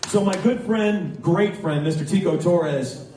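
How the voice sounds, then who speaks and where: A man running a live charity auction, joking with the crowd and calling bids quickly. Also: high-pitched, noisy background. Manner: joking, chatty, rapid bid calling. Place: large banquet hall. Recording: very echoey, distant from mic.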